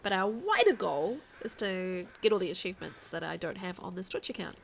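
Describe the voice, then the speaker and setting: A woman with a soft New Zealand accent, chatting casually on a live game stream, reading chat aloud and thinking out loud as she plays. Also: fairly low pitch, sing-song, fairly quick, gravelly, a little hiss or hum.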